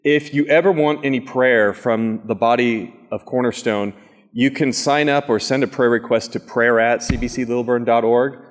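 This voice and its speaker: A man's voice: mid-range voice, fairly even intonation, normal speed. A man preaching a sermon as pastor, chatty with the congregation and telling a dramatic story. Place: church sanctuary. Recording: echoey church hall.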